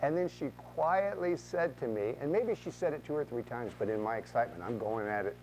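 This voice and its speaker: A middle-aged man tells a motivational real estate story and acts out both sides of the conversations. His pitch sits in an ordinary middle range. A faint mains hum runs under the recording. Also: lively intonation, a little fast, a little mellow, poor audio. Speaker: real estate agent and speaker.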